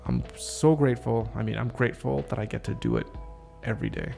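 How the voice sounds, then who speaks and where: A man with a gravelly edge to his voice rehearses a script alone, trying out each line and pausing to question and reword it. His pitch sits in an ordinary middle range. A little music plays faintly behind him. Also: wildly swooping pitch, dark tone. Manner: reads lines aloud, stops to rethink and reword. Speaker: podcast host. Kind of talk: casual solo script rehearsal.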